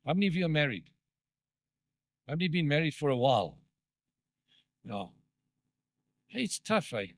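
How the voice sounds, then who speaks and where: A man's voice: on the high side, sing-song, moderate pace, long pauses, no echo, studio quality. Man preaching a conversational sermon. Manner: conversational preaching, asks the congregation questions. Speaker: pastor. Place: church.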